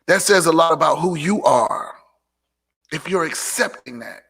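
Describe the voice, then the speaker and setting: Gravelly, emphatic man preaching self-respect. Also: a little high, lively intonation, unhurried, fairly bright tone. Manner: preachy and emphatic, repeats lines for punch, sassy asides. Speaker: host of a live motivational talk show. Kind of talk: live motivational monologue.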